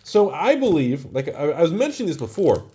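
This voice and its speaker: An American man who owns a card shop, chatting casually in a vlog while opening packs. He rambles in an excitable way, filling his talk with "like" and "dude.". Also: fairly high pitch, fairly quick, a little hiss or hum. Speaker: card shop owner and investing vlogger.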